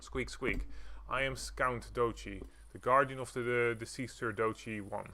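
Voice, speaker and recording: A man reading game dialogue aloud as a formal, courteous noble mouse creature who squeaks between stiff, old-fashioned lines. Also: fairly even intonation, moderate pace, bright, forceful tone, slight background noise. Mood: pompous.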